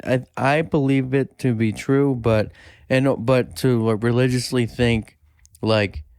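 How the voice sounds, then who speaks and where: A man's voice: mid-range voice, steady tone, takes it slowly, darkish tone, clean tone, no room sound, clean studio sound. A man co-hosting a podcast in casual chat, telling stories loosely and swearing freely. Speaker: podcast co-host.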